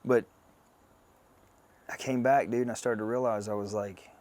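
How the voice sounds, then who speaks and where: A man's voice: on the low side, steady tone, moderate pace, a little mellow. A man in his thirties, a podcast guest telling a personal story in a blunt, profane, casual way, laughing along. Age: 30s.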